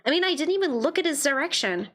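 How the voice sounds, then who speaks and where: Talking fast with lively intonation, a woman with a high-pitched, slightly bright voice reads a game's dialogue aloud during a stream. Between lines she jokes around and laughs.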